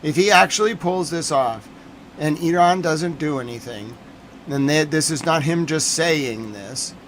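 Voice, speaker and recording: High-voiced man ranting on stream. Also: measured pace, a little hiss or hum. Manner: excitable, ranting, swears and repeats himself. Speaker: streamer reacting to news. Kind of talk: live-stream news reaction.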